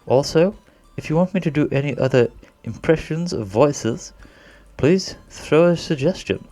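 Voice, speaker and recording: A man's voice: on the high side, animated, measured pace, warm tone, soft background music. Man in a put-on posh British accent. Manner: hesitant, rambling, self-conscious, winging it. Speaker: art tutorial narrator. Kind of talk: voice-over drawing tutorial.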